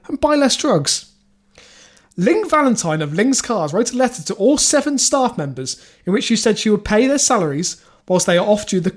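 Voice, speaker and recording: High-voiced man reading news aloud. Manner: reads quotes aloud, halting with fillers and restarts. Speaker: podcast co-host reading news stories. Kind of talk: casual comedic podcast chat.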